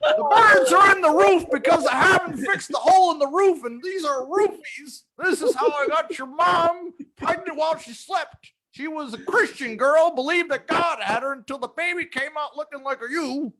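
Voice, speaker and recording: A man's voice: extremely high pitch, normal speed, few pauses, a crowd in the background, pitched above the performer's own voice, low-quality recording. A man putting on the voice of a lecherous old male comedian, rambling through crude lines. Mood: crude, mocking.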